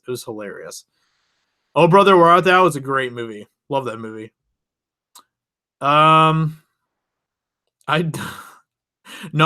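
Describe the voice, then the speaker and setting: Fairly high-pitched, pushed and bright, this young man's voice belongs to a channel host telling his viewers a rambling personal story. His manner is casual and chatty, with frequent laughter and many restarts.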